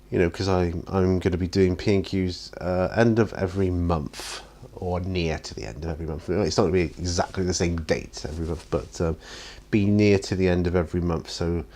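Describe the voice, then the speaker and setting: This worn-out man speaks in a very deep, low voice with a darkish tone while he paints at his home hobby studio. His talk is casual and rambling, full of self-deprecation and repeated yawns.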